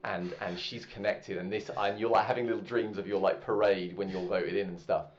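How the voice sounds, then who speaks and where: A man narrating a tabletop game as game master in a relaxed, rambling way. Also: deep voice, a little fast, a little hiss or hum. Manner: relaxed, rambling with many fillers. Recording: muffled, with faint music.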